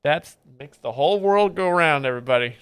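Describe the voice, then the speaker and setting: A man's voice: on the high side, animated, fairly quick, heavy background noise. A man co-hosting a live comedy show, joking wryly. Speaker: comedian co-host.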